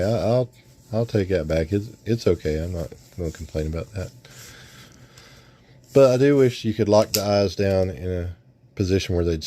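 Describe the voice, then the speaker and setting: A man talks through a toy review in a relaxed, rambling way, often restarting his sentences. His voice is lowish, mellow and warm. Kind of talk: casual unboxing review.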